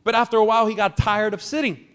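Male pastor, sermon, joking with congregation, slightly high voice, long hall reverb. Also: steady tone, fast, a bit bright, clear, resonant tone. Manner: jokey, chats with the congregation. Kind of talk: sermon with storytelling. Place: church hall.

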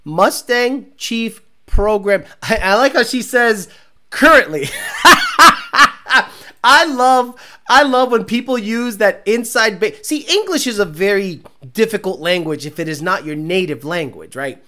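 A man's voice: high voice, unhurried, pushed and bright. A man hosting a car show stream, reading viewer comments aloud and ranting in a mocking, profane, casual way. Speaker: car show host reading live chat.

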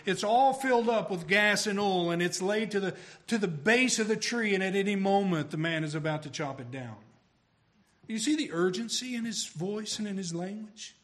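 Guy preaching a sermon, kinda high voice, gets loud and punchy when he hits a point. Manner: emphatic, swells louder on key phrases.

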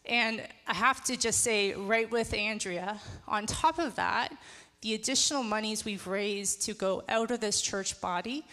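Female church staffer, measured update to congregation, echoey hall. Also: mid-range voice, pushed and bright.

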